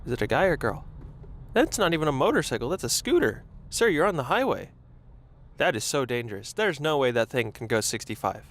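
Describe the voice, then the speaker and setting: A man's voice: mid-range voice, big pitch swings, fast talker, fairly bright tone. Rambling self-conscious young man driving. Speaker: podcast host. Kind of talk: casual solo chat while driving. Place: in a car in traffic. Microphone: lapel mic. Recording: faint road noise.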